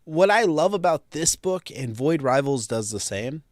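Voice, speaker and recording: A man's voice: on the high side, moderate pace, no room sound. Man, comic book panelist, casual livestream chat, swears often, laughs mid-sentence, dry close sound. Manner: animated, swearing, laughs between phrases.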